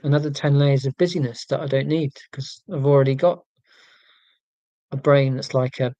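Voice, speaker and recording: A man's voice: medium pitch, fairly even intonation, moderate pace, mellow, no room sound, lo-fi sound. A man in his forties chatting casually on a livestream, reading viewer comments and rambling in a wry, self-mocking way with lots of ums and restarts. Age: 40s.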